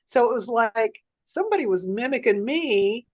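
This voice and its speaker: A woman, a psychic reader, chatting casually and telling stories in an animated way, acting out the voices in them. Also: fairly high pitch, normal speed. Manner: animated storyteller who acts out the voices in her stories. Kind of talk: casual conversation.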